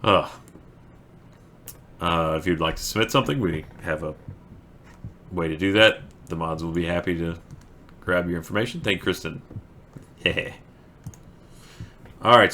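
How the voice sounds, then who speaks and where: A man's voice: low-pitched, bright, forceful tone, slight background noise. A man hosting a livestream, chatting with viewers and reading verse aloud with dramatic swells, breaking off to giggle. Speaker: livestream host. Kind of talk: casual stream chat and reading a poem aloud.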